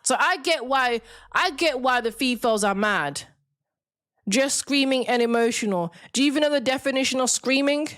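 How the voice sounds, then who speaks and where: A woman's voice: sits high, moderate pace, a bit bright. A woman hosting a live-stream debate, talking in a combative, mocking, lecturing way to her viewers. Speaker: livestream debate host. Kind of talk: confrontational live-stream rant.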